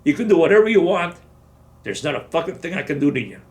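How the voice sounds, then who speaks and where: A man doing a gruff, profane army colonel. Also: on the high side, sing-song, voice pushed up. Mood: scolding. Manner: profane, barking, fast. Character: gruff blunt male army colonel, senior officer.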